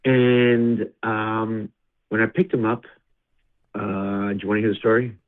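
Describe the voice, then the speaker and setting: A man guest telling an emotional personal story, acting out his father's lines in a raised voice and dropping low and tearful on the sad parts. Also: level tone, a little slow. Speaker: interview guest. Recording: tinny phone-like line.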